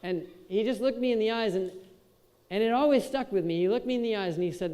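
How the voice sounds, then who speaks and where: High-voiced young man speaking in an echoey hall. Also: quick pace, darkish tone. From Wisconsin. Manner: casual and joking, chats with the crowd. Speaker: keynote speaker. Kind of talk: motivational speech to a youth audience. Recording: echoey hall with long reverb.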